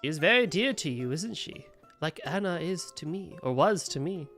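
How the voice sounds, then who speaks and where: A man reading aloud the lines of a grieving young male bard prince from on-screen game text, in a fairly plain voice that swings lively in pitch. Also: moderate pace. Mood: earnest. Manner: reads game text aloud, shouting names. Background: faint guitar game music.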